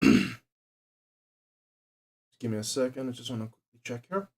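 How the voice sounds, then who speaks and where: A man's voice: mid-range voice, wildly swooping pitch, normal speed, gravelly. A young man chatting casually on a livestream, swearing and joking as he reads out quiz options. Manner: profane, jokey, reads quiz options aloud.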